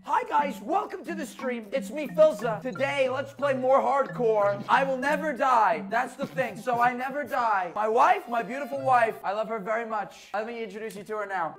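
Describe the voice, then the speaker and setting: A man's voice: very high-pitched, moderate pace, hardly any pauses, fairly bright tone, soft background music, voice pushed up. A man impersonating a middle-aged male streamer with boastful, repetitive, showy mannerisms.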